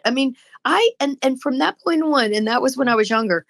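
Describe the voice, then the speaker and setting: A woman's voice: high voice, normal speed, creaky, dry recording. A woman co-hosting a podcast in casual chat, telling stories animatedly and acting out the people she quotes. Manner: animated storyteller who acts out quoted people. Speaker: podcast co-host.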